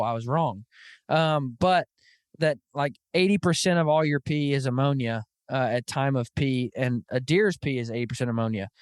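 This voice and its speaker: A man hosting a podcast, telling stories in an animated, casual way, full of "dude" and "like". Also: a little high, no echo, studio quality. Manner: animated storytelling, lots of "dude" and "like". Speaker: podcast host. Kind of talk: casual chat.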